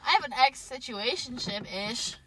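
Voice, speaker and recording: A young woman co-hosting a casual chat podcast, playful and quick to laugh. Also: on the high side, expressive, a bit bright, slightly rough. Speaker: podcast co-host.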